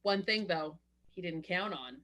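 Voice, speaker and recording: A lower-pitched woman talks films on a podcast with friends. She is opinionated and animated, and she slips into quick little voices to act out what characters say. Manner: opinionated, animated, acts out quotes. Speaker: podcast co-host. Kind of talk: casual chat.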